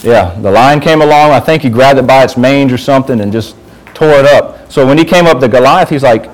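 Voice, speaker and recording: A man's voice: mid-range voice, fairly quick, rough recording. A man giving an informal sermon to a youth group, talking conversationally and asking the group questions.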